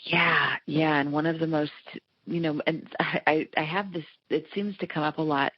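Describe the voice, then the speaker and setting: A woman dream therapist speaking as an interview guest, telling earnest, animated stories with frequent "like" fillers, on slightly muffled remote audio. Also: sits low, moderate pace, husky, no room sound. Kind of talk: conversational interview, storytelling.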